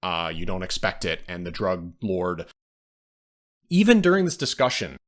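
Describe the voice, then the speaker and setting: A man's voice: low-pitched, very animated, moderate pace. A man co-hosting a podcast, casually retelling film scenes and acting out the quoted lines. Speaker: podcast co-host. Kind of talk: casual film review chat.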